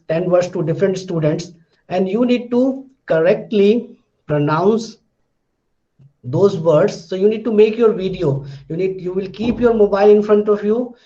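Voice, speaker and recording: Man, teacher, high voice, mellow tone, repeats words slowly, muffled lo-fi recording. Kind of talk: online pronunciation lesson.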